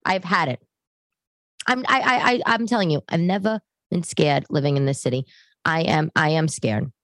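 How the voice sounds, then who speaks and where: Chatty thirtysomething woman rambling to her camera at home, low gravelly voice, dry sound. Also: moderate pace, fairly bright tone, dry recording. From New York. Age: 30s. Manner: chatty, rambling, self-deprecating asides. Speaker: podcast host. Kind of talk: casual monologue to camera. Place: her living room. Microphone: camera setup at home.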